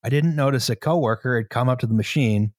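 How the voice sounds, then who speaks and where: A man reading a story aloud to a co-host in a measured, steady way, now and then breaking into laughter. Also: medium pitch, dry recording, clean studio sound. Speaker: story reader.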